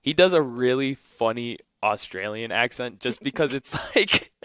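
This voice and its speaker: Speaking at a measured pace into a studio mic, an Illinois radio co-host in his twenties chats through a relaxed morning show. His mid-range voice is smooth, slightly bright, and animated, and he wanders along with plenty of fillers.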